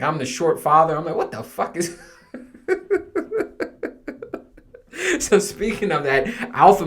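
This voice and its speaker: A man's voice: mid-range voice, a bit bright. A man in his thirties hosting a podcast, talking casually on his own, rambling, swearing and joking about himself. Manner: profane, rambling, self-mocking. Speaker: podcast host. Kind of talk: casual monologue.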